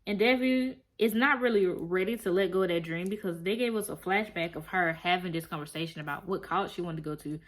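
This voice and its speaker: Speaking quickly with few pauses, a young woman with a lowish voice recaps a TV episode for her review vlog. Her delivery is casual and chatty; she performs quoted lines and addresses the audience directly.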